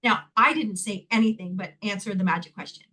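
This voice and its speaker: A Canadian woman, a guest in an interview, telling a personal story in an animated way, laughing often and acting out the voices of the people she quotes. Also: mid-range voice, a little fast, a crowd in the background, poor audio. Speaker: guest, healing technique teacher.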